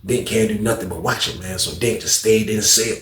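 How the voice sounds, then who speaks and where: A man's voice: on the low side, a little fast, fairly bright tone, a little hiss or hum. Slangy man telling a story, echoey room. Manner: slangy, repetitive, acts out others' lines in a raised voice. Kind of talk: casual storytelling.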